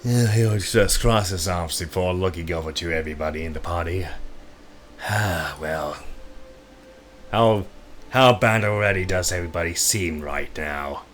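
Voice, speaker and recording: A man playing his character in a tabletop game, thinking out loud and often stopping to restart his sentences. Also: deep voice, measured pace, slight background noise. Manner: speculative, hesitant, trailing off and restarting. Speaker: player.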